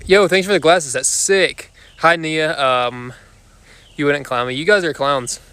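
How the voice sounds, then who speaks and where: A young man with a slightly high voice talks to his viewers on a phone livestream from his backyard. He is out of breath after exercise, and his loose, joking chatter comes with heavy breathing between phrases. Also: unhurried, sharp tone, clear, resonant tone. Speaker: livestream host. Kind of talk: casual live chat with viewers. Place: backyard outdoors.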